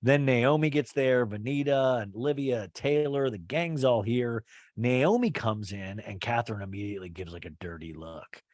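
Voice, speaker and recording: A podcast host recaps a reality show in a chatty, rambling manner packed with asides. His mid-range voice has a darkish tone and moderate pace, recorded in clean studio sound with no room ambience.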